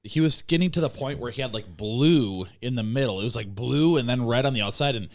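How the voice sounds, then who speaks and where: Man, podcast co-host, tired, casual joking banter, animated pitch. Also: a little fast. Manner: laid-back, joking, says "dude" a lot. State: tired, worn out.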